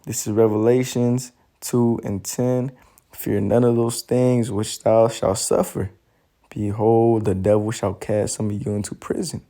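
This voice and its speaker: A man's voice: on the low side, little pitch movement, a little slow, warm tone. A man casually recounting a vivid dream, loose and slangy, full of "you know" and "man". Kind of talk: casual storytelling.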